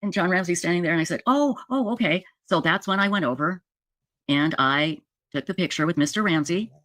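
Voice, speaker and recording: A woman's voice: on the low side, fairly quick, dry recording, clean studio sound. Clip of a middle-aged woman retelling a story. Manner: animated retelling with quoted dialogue. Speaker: true crime podcaster. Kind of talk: storytelling monologue.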